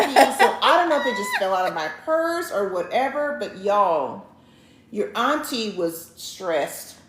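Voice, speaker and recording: A woman, co-hosting a couples show and telling a story to viewers in a casual, animated way, acting out each line of dialogue. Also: mid-range voice, a little slow. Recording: roomy, with faint background noise.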